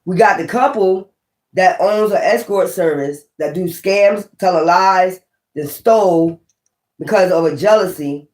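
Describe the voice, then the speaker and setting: A woman's voice: fairly low pitch, measured pace, a little mellow. A woman giving a casual tarot reading, blunt and profane, thinking aloud as she goes. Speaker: tarot reader. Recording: roomy echo.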